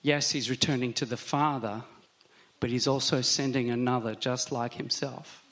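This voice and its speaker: Male pastor, mid-pitched voice, conversational sermon delivery, slow emphatic stresses. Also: fairly even intonation, a bit bright.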